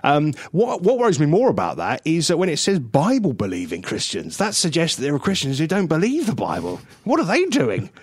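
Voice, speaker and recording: A man in his forties co-hosting a radio comedy chat show, sarcastic and quick to laugh. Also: a little high, slightly rough, no room sound, studio quality. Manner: sarcastic, animated, laughs often. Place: radio studio.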